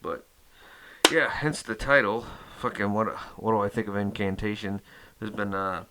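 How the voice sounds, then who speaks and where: A man's voice: lowish voice, moderate pace, pushed and bright, a little hiss or hum. A man hosting his metal music channel in a rambling casual chat, cursing constantly and full of fillers.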